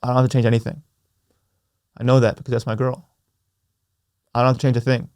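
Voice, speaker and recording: A young man hosts a reflective solo podcast, earnest in tone, circling back to repeat key phrases with slow emphasis. His ordinary middle-pitched voice is level and darkish. It's recorded close and dry, with no room sound.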